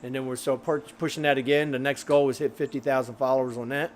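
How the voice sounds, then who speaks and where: A man's voice: mid-range voice, little pitch movement, fast talker, slight background noise. A man hosting a grilling live stream. He chats loosely with lots of fillers while reading viewer comments, and he is a bit out of breath. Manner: loose and rambling, with many fillers.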